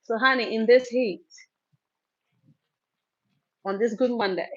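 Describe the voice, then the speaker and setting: A woman's voice: fairly high pitch, fairly even intonation, slow pace, muffled recording. Chatty woman hosting a livestream Q&A. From Cameroon. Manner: chatty, laughs often, reads out viewer comments. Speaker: livestream host. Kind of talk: casual live Q&A chat.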